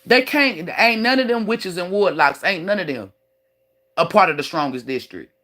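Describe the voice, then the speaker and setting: A woman's voice: lowish voice, lively intonation, normal speed, fairly bright tone. A woman streaming live as a self-styled spiritual teacher, lecturing bluntly with heavy swearing and bragging about her own gifts. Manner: blunt, profane and boastful; preachy, lecturing tone. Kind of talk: livestream rant.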